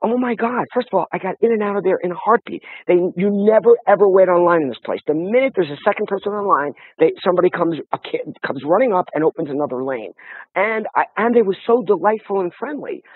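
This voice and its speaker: A man telling stories in casual conversation, animated and full of restarts. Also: high-pitched, fast talker, slightly rough, no echo. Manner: animated storytelling with many restarts. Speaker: guest. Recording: tinny phone-line sound, dry.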